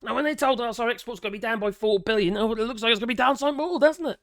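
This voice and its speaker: A British man with a raspy voice giving casual, sarcastic commentary, exasperated and swearing freely. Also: extremely high pitch, very fast, dry recording, studio quality. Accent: British English. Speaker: political commentator.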